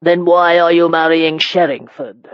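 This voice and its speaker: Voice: medium pitch, steady tone, measured pace, clean tone, dry recording, highs cut off, close to an everyday voice. A reader voicing a blunt, commanding elderly marquis in an audiobook. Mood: gruff. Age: older. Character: gruff elderly male marquis, imperious and sharp-tongued. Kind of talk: audiobook character reading.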